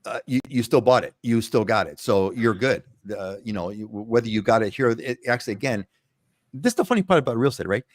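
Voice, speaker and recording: A man's voice: mid-range voice, lively intonation, fairly quick, dry recording, studio quality. Chatty rambling male show host. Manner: rambling, chatty, many restarts. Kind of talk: live panel show chat.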